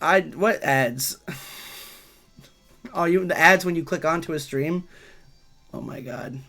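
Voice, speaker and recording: During a relaxed gaming livestream, a man around thirty reads out his viewers' messages and ribs them back in good fun. His voice is a little high, slow, bright and forceful, with faint music playing.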